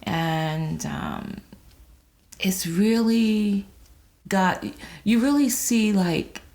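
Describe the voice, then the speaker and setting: Middle-aged woman guest, slow, reflective, emotional. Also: mid-range voice, creaky, a little mellow. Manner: slow, thoughtful, emotional, faith-minded. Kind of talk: candid podcast interview.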